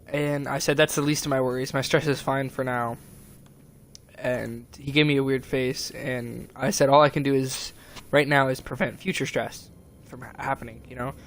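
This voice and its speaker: A man's voice: mid-range voice, fairly bright tone, slight background noise. Rambling young man streaming, agitated. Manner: rambling and agitated, many fillers and restarts. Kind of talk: casual stream chat, retelling a conversation.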